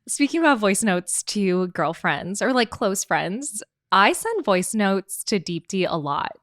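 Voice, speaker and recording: A woman's voice: medium pitch, very animated, slow, a bit bright, dry recording, clean studio sound. A young woman co-hosting a podcast, telling stories in a chatty, playful way. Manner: chatty, playful storytelling with lots of fillers. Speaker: podcast co-host. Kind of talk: casual chat.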